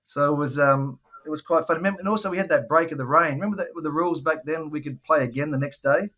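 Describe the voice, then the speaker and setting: A quick-talking man with a slightly raised voice spins rambling stories on a podcast. He jumps into the voices of the people he quotes as he goes. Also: fairly high pitch, bright, forceful tone. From Australia. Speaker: guest, former cricketer. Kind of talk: casual podcast chat.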